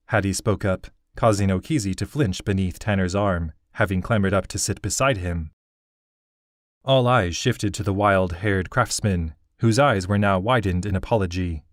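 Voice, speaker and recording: A man narrating a fantasy audiobook in a measured, steady storytelling manner. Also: fairly low pitch, no room sound, studio quality.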